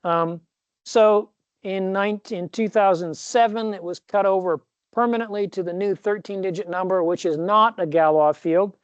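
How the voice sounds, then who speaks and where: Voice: mid-range voice, steady tone, normal speed, clear, resonant tone, no room sound, muffled recording. A professor giving a recorded classroom lecture, rambling a little, correcting himself mid-sentence and dropping jokey asides.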